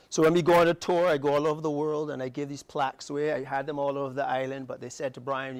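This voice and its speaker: A middle-aged Barbadian man speaks in a morning TV studio, passionate and emphatic, his voice jumping up in bursts. His voice sits fairly high for a man. The sound is close and dry. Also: steady tone, no echo. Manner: passionate, emphatic, fast bursts with rising outbursts. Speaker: guest. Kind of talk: morning TV interview.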